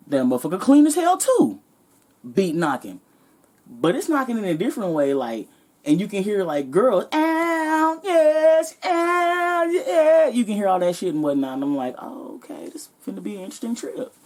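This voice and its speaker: A woman vlogger telling a comedic story in a sassy, animated, profane way. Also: lowish voice, slightly rough.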